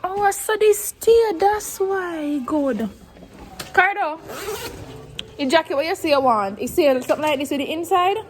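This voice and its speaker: A woman's voice: extremely high pitch, animated, measured pace. A woman vlogging casually at home, playful and teasing, laughing often. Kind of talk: casual home vlog chat. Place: home during a snowstorm.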